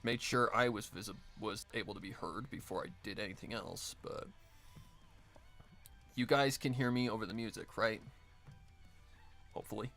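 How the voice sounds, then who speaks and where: A man's voice: on the low side, normal speed, creaky, long pauses, bright, forceful tone, faint music behind. A man streaming while he edits an audio drama, chatting casually in a rambling, self-correcting way and swearing now and then. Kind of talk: casual live-stream chat.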